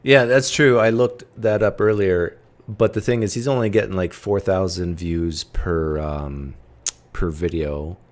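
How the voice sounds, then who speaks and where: A man's voice: low-pitched, fairly even intonation, unhurried. A man hosting a livestream, talking bluntly and casually in a provocative, chatty way. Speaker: livestream host.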